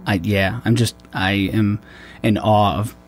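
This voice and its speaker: A man's voice: lowish voice, flat delivery, unhurried, soft background music. A man, a military veteran, talking in a loose, rambling way with many restarts and fillers. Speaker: podcast host. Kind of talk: casual conversation.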